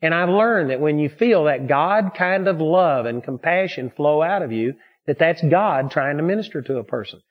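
A man with a fairly high voice preaches a sermon, moving from personal stories to scripture in an earnest, steady way. The recording is dull and lo-fi. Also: moderate pace, hardly any pauses.

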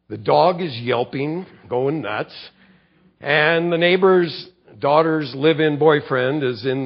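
Earnest storytelling male pastor, lo-fi sound. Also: mid-range voice. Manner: earnest storytelling, repeats first words. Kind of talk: sermon.

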